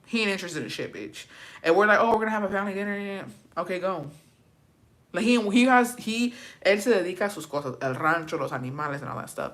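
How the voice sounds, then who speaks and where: A woman's voice: lowish voice, a little fast. A young woman vlogger telling a family story in casual chat, cursing freely and slipping into Spanish phrases. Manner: profane, animated, switches into Spanish.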